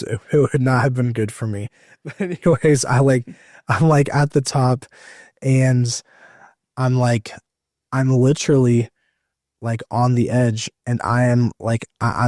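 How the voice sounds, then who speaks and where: A man's voice: medium pitch, fairly even intonation, unhurried, darkish tone, dry recording, clean studio sound. A young man in his twenties, an evangelist, telling his testimony in a rambling, emotional way with many fillers and restarts. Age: 20s. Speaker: evangelist guest. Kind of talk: personal testimony in conversation.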